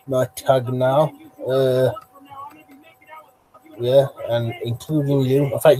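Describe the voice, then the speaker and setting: Slow, hesitant man hosting. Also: mid-range voice, poor audio. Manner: hesitant, full of ums and restarts, reads chat aloud. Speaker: livestream host. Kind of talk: casual live-chat commentary.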